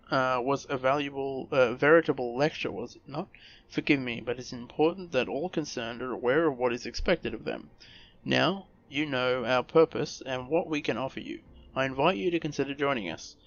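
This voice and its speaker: A man's voice: medium pitch, fairly bright tone, lightly acted. A man reading out the lines of a gracious female leader in his own voice, stumbling over words and restarting. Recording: muffled recording with faint music.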